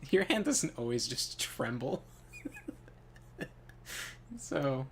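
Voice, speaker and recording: A man's voice: medium pitch, very animated, extremely slow, creaky, slight background noise. Male gaming host, casual rambling storyteller, filler-heavy, laughs easily, mid-range voice. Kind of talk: casual storytelling while playing a game.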